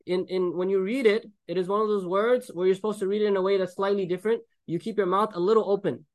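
Guy giving a quran sermon super fast, high voice, jokey and animated. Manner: animated, joking, acts out quoted characters. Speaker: Islamic preacher. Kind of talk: sermon on Quran with Arabic recitation.

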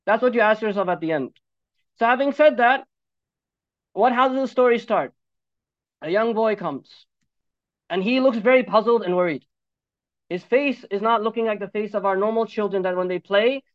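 A male preacher giving a sermon on Quran commentary, animated, with joking asides and switches between Arabic recitation and English. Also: high voice, no echo. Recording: dull, dry lo-fi recording.

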